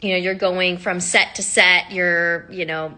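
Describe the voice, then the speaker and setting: Bright-voiced woman telling her story candidly. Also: on the low side, unhurried. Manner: candid and animated, with fillers and laughs. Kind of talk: personal storytelling to camera.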